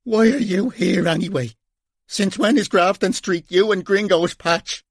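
A man's voice: sits high, a little slow, dry recording, studio quality, pitched above the performer's own voice. A man with an Irish accent voicing a surly, frightened young man on a ledge who answers in sullen, snapping retorts.

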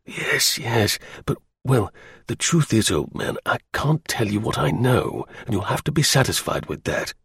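A man's voice: medium pitch, big pitch swings, a little slow, vocal fry, fairly bright tone, breathy edge, no room sound, clean studio sound, heavily acted. A man reading the part of an evasive friend, hesitant and guarded.

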